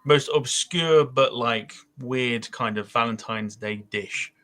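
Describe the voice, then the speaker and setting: A man's voice: medium pitch, takes it slowly, pushed and bright. A man hosting a casual podcast chat, rambling a little with fillers as he goes. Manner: rambling, with frequent fillers and laughs. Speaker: podcast host.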